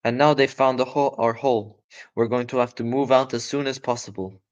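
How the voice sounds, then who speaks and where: A man's voice: mid-range voice, fairly even intonation, brisk, lo-fi sound, natural voice. A clever, proud father fox from a storybook, hurt but resourceful, as a man reading aloud voices him. He gives his orders in an urgent, commanding way. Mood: worried.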